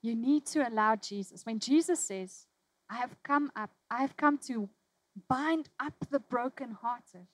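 A woman preaching a sermon, telling a personal story with emotion, dropping from loud, urgent lines to hushed ones. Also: fairly high pitch, measured pace, no room sound, rough recording.

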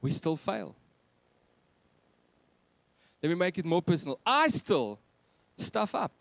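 Man, thirties, pastor, high lively voice, dry sound. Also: slow pace, vocal fry, no echo. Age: 30s. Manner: animated, jokey, swings between loud and soft. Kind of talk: Christmas sermon.

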